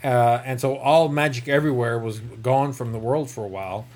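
A man's voice: mid-range voice, steady tone, moderate pace, darkish tone. A man with a rural Southern American accent, rambling through a casual comic book review with self-corrections and chuckles. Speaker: comic book podcast host.

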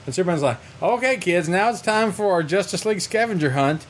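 A man with a fairly high voice retells a comic book story in loose, casual podcast chat. He talks in an animated way and slips into little character voices as he goes. A faint hum sits under the recording. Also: a little fast. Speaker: podcast co-host.

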